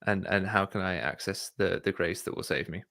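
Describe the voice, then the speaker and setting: Bright-voiced man, low and dry. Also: gravelly, no echo. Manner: thoughtful, measured, with frequent fillers. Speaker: podcast host. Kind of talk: casual critique discussion.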